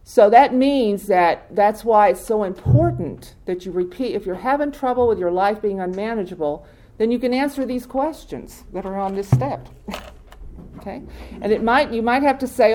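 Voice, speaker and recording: A woman's voice: mid-range voice, normal speed, warm tone. A woman speaking at a recovery meeting, talking informally to a group, asking them questions and laughing often. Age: adult with many years in recovery. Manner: conversational, quizzes the audience, laughs often.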